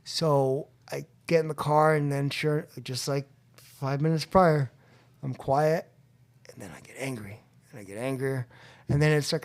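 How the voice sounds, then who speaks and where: A man recounting a personal story as a podcast guest, acting out the voices of others and going quiet when reflective. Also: unhurried. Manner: animated, acts out quotes with rising pitch and loudness. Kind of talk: storytelling in a recovery podcast interview. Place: room at a convention.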